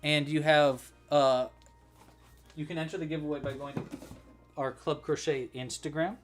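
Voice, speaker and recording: A man's voice: on the high side, steady tone, normal speed, faint music behind. A man hosting a casual crochet-along livestream, chatty and thinking aloud as he works.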